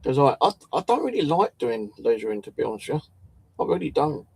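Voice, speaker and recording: A man's voice: medium pitch, very animated, a little fast, vocal fry, a little mellow, slightly rough, dry recording. A man telling a story in a casual, rambling way, swearing often and tripping over his words. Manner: swears a lot, restarts and stumbles. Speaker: channel host.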